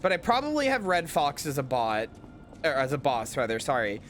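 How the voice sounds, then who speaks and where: A woman's voice: very deep voice, very animated, brisk, faint music behind. A woman streaming a video game, chatting casually in a giggly, self-deprecating way. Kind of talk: casual live-stream chat while gaming.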